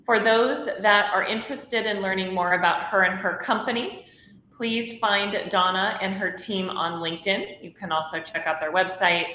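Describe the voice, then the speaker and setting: A woman hosting a show, asking brisk rapid-fire questions and then closing it out. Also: on the low side, pushed and bright, echoey room, a little hiss or hum, poor audio. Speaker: podcast host. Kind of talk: interview.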